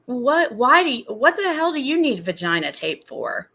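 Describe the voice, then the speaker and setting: A woman's voice: high voice, very animated, normal speed, creaky, pushed and bright. A woman streamer giving drama commentary on a livestream, ranting in an exasperated, indignant way.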